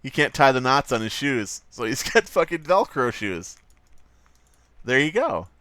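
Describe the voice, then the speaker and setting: Lively, swearing man streaming. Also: medium pitch, unhurried, no room sound. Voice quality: profane, rambling and joking. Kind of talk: casual livestream commentary.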